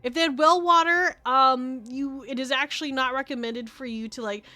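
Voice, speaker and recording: High-voiced chatty woman streamer. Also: normal speed, no room sound. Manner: chatty, excitable, laughs often. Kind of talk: casual chat while gaming. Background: game music.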